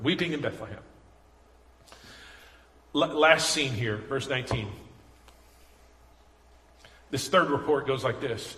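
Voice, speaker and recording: A man's voice: medium pitch, fairly bright tone. A man preaching a sermon as pastor, conversational and earnest, building to emphatic passion. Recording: echoey hall reverb.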